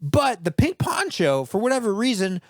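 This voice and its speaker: A man giving casual let's play commentary on a game he is playing, excitable, laughing often, swearing and yelling at the screen. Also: high voice, moderate pace, dry recording, clean studio sound. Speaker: gaming video creator.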